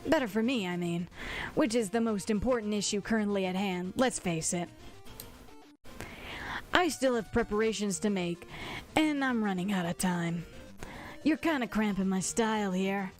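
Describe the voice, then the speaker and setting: A woman voicing a smug, nerdy young male troll schemer with a condescending, dry drawl, pitched lower than her own voice. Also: normal speed, pauses often, soft background music, close to an everyday voice.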